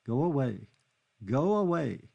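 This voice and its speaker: A man's voice: mid-range voice, expressive, unhurried, vocal fry, a little mellow, breathy edge, lo-fi sound, voice pushed up, exaggerated voice. A man reading an audiobook, voicing a grief-stricken young Englishwoman who sobs, pleads and lashes out. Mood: anguished. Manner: sobbing, pleading, furious.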